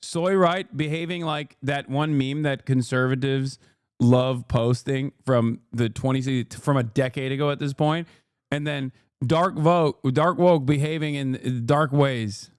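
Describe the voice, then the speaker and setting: A man's voice: medium pitch, steady tone, unhurried, clean tone, no room sound, clean studio sound. A man in his thirties streaming live, reacting to clips and arguing with his chat in a profane, sarcastic, combative way. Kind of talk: livestream reaction commentary.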